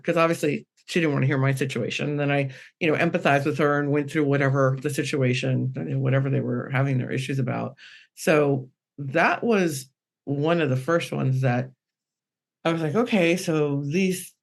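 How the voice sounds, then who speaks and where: A woman medium telling a personal story on a podcast panel, rambling and animated, acting out the quotes. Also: low voice, moderate pace, gravelly.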